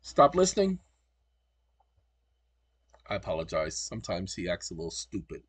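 A man's voice: low voice, steady tone, fast, slightly rough, no room sound. A man hosting his channel, lecturing combatively and spelling words out letter by letter. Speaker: channel host. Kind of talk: commentary on screen recording.

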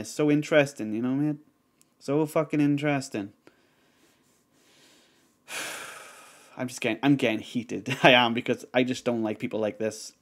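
A man reacting to a video, heated and swearing, rambling with lots of fillers. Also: fairly high pitch. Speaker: reaction streamer. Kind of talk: reaction commentary.

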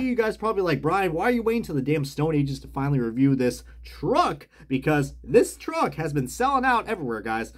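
A man's voice: fairly high pitch, a little hiss or hum. A man casually reviewing die-cast cars as he unboxes them, chatty and rambling, often correcting himself mid-sentence.

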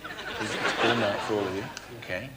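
In a TV studio full of loud audience noise, an English game show host teases his guests with mock-stern questions. His voice sits on the low side, with fairly flat intonation and a measured pace.

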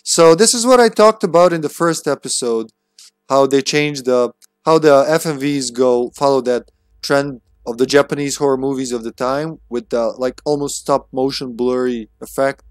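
A man's voice: mid-range voice, normal speed, dry recording. Male game streamer, casual thinking-aloud commentary with light laughs; dry, close recording. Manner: musing, chuckling, reads game notes aloud.

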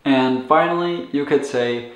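A man teaching medical Spanish phrases in a relaxed, casual way, with many fillers and a laugh at his own tongue twister. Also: medium pitch, unhurried. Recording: echoey room.

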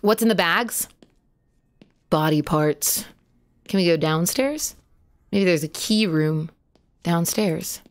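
A woman's voice: fairly low pitch, unhurried. A woman streaming a horror game live, chatting to viewers, yelping at jump scares and swearing casually. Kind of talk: live horror gameplay commentary.

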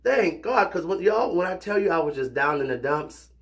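Man vlogger, chatty and playful, slightly hoarse, talks to viewers like family. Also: a little high, moderate pace. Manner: animated, playful, colloquial, talks to viewers as cousins. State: slightly hoarse, recovering from illness. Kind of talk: casual direct-to-camera chat.

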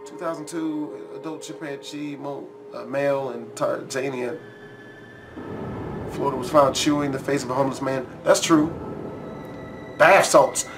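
Reacting to a scare challenge on his YouTube channel, a man gives casual commentary, cursing freely and yelping whenever something makes him jump. His mid-range voice is steady and measured with frequent pauses, and music plays in the background.

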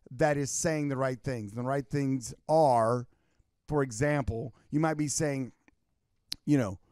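Animated podcast co-host man. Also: on the high side, no echo, clean studio sound. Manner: animated storyteller, acts out quoted people. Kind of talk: casual business podcast chat.

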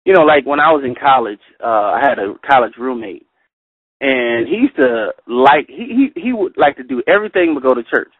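A middle-aged man leading a Bible study, reading verses slowly and carefully, then telling personal stories with animated delivery. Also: medium pitch, dry recording. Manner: animated storyteller, reads scripture slowly and carefully. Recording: tinny phone line, dry.

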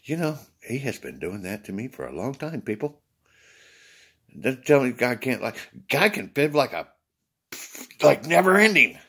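With a sing-song, medium-pitched voice that is a bit bright and slightly rough, this vlogger addresses viewers at a moderate pace with long pauses. Tired after a short night's sleep, he rambles casually, swears freely, and acts out quoted exchanges.

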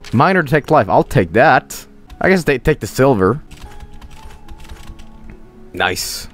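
A man's voice: mid-range voice, sing-song, slow, pauses often, faint music behind. A man streaming a game, joking around casually and slipping into silly voices. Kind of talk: casual gameplay commentary.

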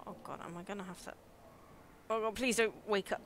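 Slight background noise sits under this young woman's mid-range voice, which is fairly even in intonation, a little fast and a bit bright. She has an English Midlands accent and offers chatty, giggly live commentary on her game, reacting out loud when something scares her.

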